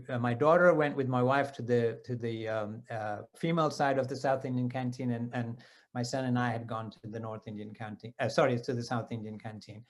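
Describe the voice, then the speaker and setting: Conversational man telling personal stories. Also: mid-range voice. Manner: conversational, with many asides and self-corrections. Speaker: devotee sharing personal experiences. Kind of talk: personal storytelling talk.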